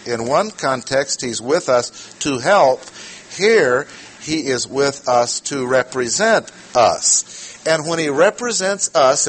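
A man teaching a sermon verse by verse, slow and deliberate, repeating his key words. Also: mid-range voice, a bit bright, slight background noise. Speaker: preacher. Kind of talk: expository Bible teaching.

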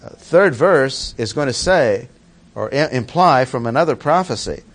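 A man's voice: medium pitch, lively intonation, moderate pace. A man teaching through a Bible passage verse by verse, stressing key words by repeating them.

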